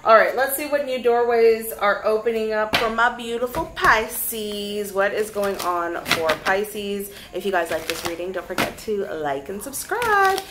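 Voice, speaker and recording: A young woman giving a casual tarot reading to camera, chatty and lively, talking straight to her viewers. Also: mid-range voice, measured pace, hardly any pauses, background noise. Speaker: tarot reader.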